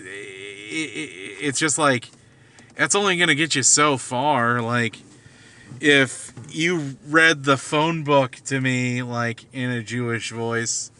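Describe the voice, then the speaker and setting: Slow, rambling man with a bright, clear voice. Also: medium pitch. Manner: hesitant, many fillers and restarts. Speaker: vlogger. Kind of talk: rambling casual monologue. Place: car at night.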